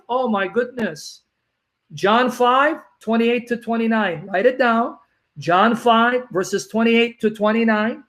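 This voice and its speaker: A man debating religion, reading verses aloud slowly and repeating references with emphasis. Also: very high voice, a bit bright. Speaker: Christian apologist.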